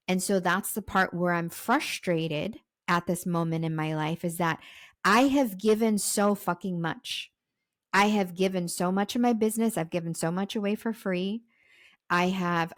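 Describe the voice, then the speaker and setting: A woman's voice: fairly low pitch, no echo. A young adult woman hosts her own podcast in a confessional monologue. Her talk is raw, circling and peppered with swearing, and her throat is sore. The recording is close and dry, with no room sound. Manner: raw and emotional, swearing, repeating phrases. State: throat sore while sharing. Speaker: podcast host and self-love coach.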